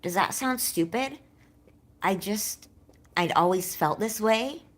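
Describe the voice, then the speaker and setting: A woman's voice: mid-range voice, expressive, slow. A woman chatting candidly on a livestream, rambling and self-doubting, with a slight lisp that comes out when she is nervous.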